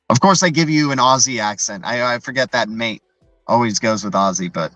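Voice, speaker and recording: A man's voice: medium pitch, fairly bright tone, dry recording, low-quality recording. Rambling man chatting on a livestream. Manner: rambling, tags lines with "right?" and "man"; reads out and answers viewer chat. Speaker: livestream host. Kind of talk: casual live-stream chat.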